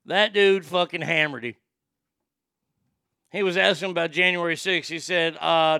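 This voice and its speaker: High, gravelly, profane ranting man. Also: steady tone, normal speed, long pauses, sharp tone, no echo, clean studio sound. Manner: profane, blunt, acts out quoted exchanges. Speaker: podcast host. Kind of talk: ranting commentary.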